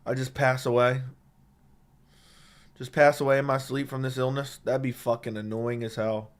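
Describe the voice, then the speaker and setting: A man with a mid-range voice speaks at normal speed with little pitch movement. He's got a sore throat and is casually live streaming, reading viewer comments and cursing bluntly while trash-talking chat over a studio dynamic microphone.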